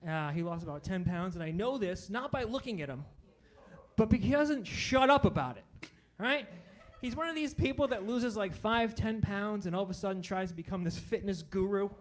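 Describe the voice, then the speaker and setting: Here a forties-aged male comic delivers self-deprecating stand-up in a punchy style, following every punchline with an "all right?" to the audience. He speaks at a moderate pace, expressively, in a voice that sits rather high for a man.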